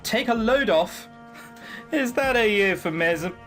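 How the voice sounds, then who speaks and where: A man's voice: high voice, animated, slow pace, fairly bright tone, faint music behind. A man reading a visual novel aloud and cracking sarcastic jokes as the host. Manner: joking, sarcastic asides. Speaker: let's play host. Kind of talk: casual game commentary.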